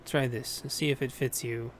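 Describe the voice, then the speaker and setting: Stern female captain with a Russian accent, read by a man, curt, even-voiced, light background hiss. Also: mid-range voice, normal speed, lightly acted. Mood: measured. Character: stern middle-aged woman captain, Russian-tinged.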